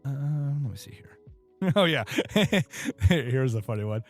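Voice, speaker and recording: A man's voice: medium pitch, lively intonation, slow, soft background music. A man co-hosting a casual podcast, chatty and laughing often as he tells stories. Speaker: podcast co-host. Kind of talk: casual chat.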